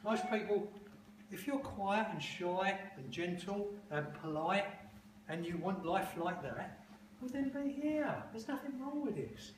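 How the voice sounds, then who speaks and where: A blunt, profane man holds forth to a room of advertising students in a loose talk and Q&A. His voice sits fairly high for a man. It was captured on a phone far off in a roomy space, with steady noise underneath. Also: measured pace. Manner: blunt, profane, emphatic storytelling. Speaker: guest speaker to advertising students. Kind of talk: informal talk and Q&A. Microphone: phone recording from the audience. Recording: distant, echoey, noisy phone recording.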